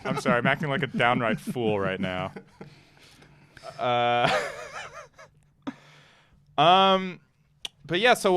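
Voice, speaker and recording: A man's voice: mid-range voice, expressive, moderate pace, a bit bright, dry recording. A man hosting a comedy podcast, interviewing a guest in a teasing, crude, jokey manner. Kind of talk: casual podcast chat.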